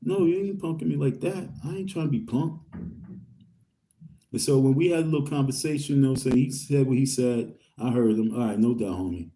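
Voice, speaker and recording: A man's voice: medium pitch, brisk, dark tone. A man from Queens, rambling through a story in street slang and reading viewer comments to his audience. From Queens, New York. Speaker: vlogger.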